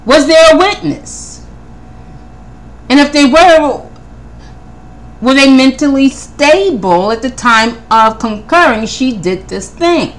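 An animated woman with a fairly high, lively voice hosts a podcast, working through her handwritten notes. She rattles off pointed questions one after another, doubling back on her words, with a preacher's conviction. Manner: animated, rapid-fire questioning, repeats words; preacherly Christian tone. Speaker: podcast host. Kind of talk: casual commentary from notes.

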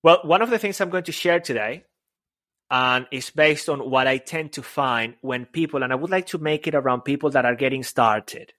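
A man co-hosting a podcast, playful and chatty, often doubling his words as he talks. His voice sits at a middling pitch and the recording is dry and close. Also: normal speed, fairly bright tone, no room sound. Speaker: podcast co-host. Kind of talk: casual podcast banter.

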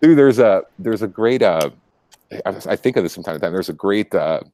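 Animated, swearing man, dry close sound. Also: sits low, brisk, no echo. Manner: animated, laughing, frequent restarts and swearing. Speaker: show host. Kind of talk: casual political chat.

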